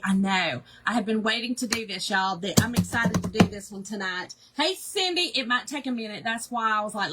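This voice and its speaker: A woman's voice: fairly high pitch, noisy background. A woman hosting a casual craft livestream, chatting in a rambling way, greeting viewers by name and poking fun at herself.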